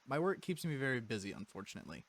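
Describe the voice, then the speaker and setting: A man's voice: medium pitch, very animated, racing, a bit bright. A man voicing an estranged young male heir who plots a murder, reading the game's dialogue aloud. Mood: haughty.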